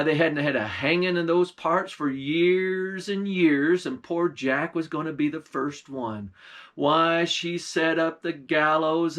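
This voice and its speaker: A man's voice: fairly high pitch, a bit bright. A man, a pastor, telling a folktale in a folksy, old-time dialect. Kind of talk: folktale storytelling.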